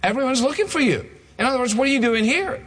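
A man preacher voicing an excited male disciple who nags in a raised, urgent voice, heard in an echoey hall. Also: quick pace, breathy edge, full character voice. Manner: high-pitched urgent nagging.

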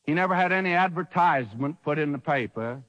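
A man preaching a sermon with emphasis, rhetorical questions and dramatic pauses. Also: a little high, expressive, fairly bright tone, big-room sound, highs cut off.

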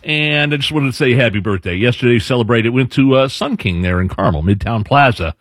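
Bright, husky man co-hosting. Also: mid-range voice, animated, fairly quick, no room sound, studio quality. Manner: chatty, laughs easily. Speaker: co-host. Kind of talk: casual chat.

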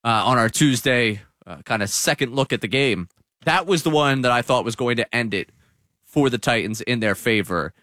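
A man's voice: mid-range voice, lively intonation, normal speed, sharp tone, no room sound. A man hosting sports talk radio, breaking down the team's start in a studio. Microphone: studio mic.

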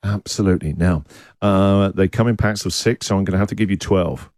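A man's voice: deep voice, brisk, dry recording, studio quality. A man hosting a radio breakfast show, bantering and joking with callers. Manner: jokey, laughing, lively. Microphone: studio microphone.

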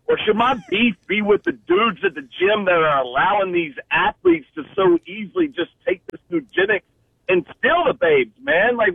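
A man calls in with a joking complaint, his high voice bouncing lively and gravelly. He comes through on a tinny, dry phone line. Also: no room sound. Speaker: caller.

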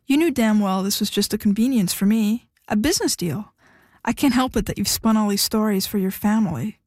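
A woman's voice: medium pitch, brisk, darkish tone, dry recording, close to an everyday voice. Woman reader voicing a defiant, cold young woman; curt delivery, dry booth sound. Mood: blunt. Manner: blunt, curt.

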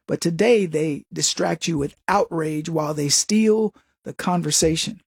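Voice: mid-range voice, a little slow, vocal fry, slightly rough, no room sound, clean studio sound. A commentator giving a sarcastic opinion monologue, mocking people and acting out quotes.

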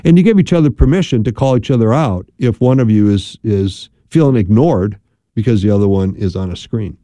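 Middle-aged guy on talk radio, very dark mellow voice, dry close mic, rambly and chatty. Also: lowish voice, fairly quick, no echo. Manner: chatty, rambling, animated asides. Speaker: radio host and marriage counselor.

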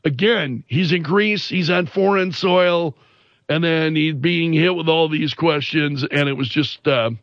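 A man hosting a casual news commentary, retelling stories in an animated, incredulous way with many fillers and restarts. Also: on the high side, measured pace, no room sound, dull audio. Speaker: commentary show host.

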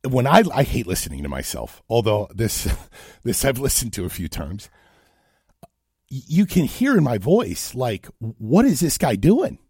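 Animated talk radio host, dry close mic. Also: male voice, mid-range voice, moderate pace, vocal fry, breathy edge, dry recording. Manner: animated storyteller, stammers and restarts, grows incredulous. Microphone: studio microphone.

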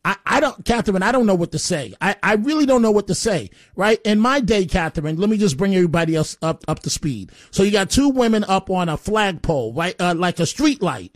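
A man's voice: sits high, expressive, fairly quick, few pauses, no echo, studio quality. A man hosting a call-in talk radio show, rambling and opinionated, often stammering as he restarts his sentences.

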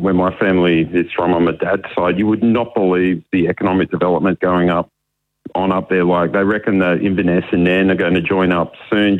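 A man raised in Australia but born in New Zealand rings in to a talk show and chats in a relaxed, easygoing way. His voice sits low and comes through a tinny phone line. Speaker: caller. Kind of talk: phone-in chat.

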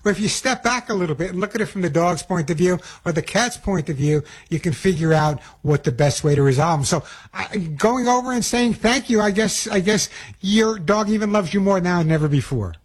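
A man's voice: sits high, lively intonation, a little fast, hardly any pauses, slightly rough. A middle-aged man with a New York accent hosting a call-in pet radio show, chatty and upbeat, rambling with restarts.

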